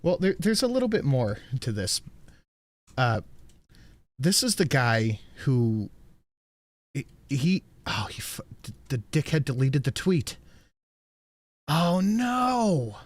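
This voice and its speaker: A man's voice: mid-range voice, very animated, a little slow, long pauses, dry recording. A man hosting a live stream, talking casually with a sardonic, profane, mocking manner. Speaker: stream show host.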